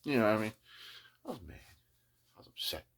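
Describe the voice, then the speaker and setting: A man's voice: on the low side, very animated, fairly quick, creaky, noisy background. An older man who hosts a guitar restoration video journal, telling a long casual story and adding "you know what I mean" again and again. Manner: slips into playful voices when quoting people.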